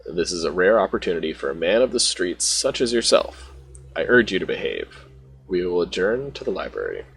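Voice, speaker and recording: Guy reading an icy rich old dad, deep gravelly voice. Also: sing-song, a little fast, a bit bright, a little hiss or hum, exaggerated voice. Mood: stern. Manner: reads game dialogue aloud without doing a voice. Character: cold, stern wealthy old father.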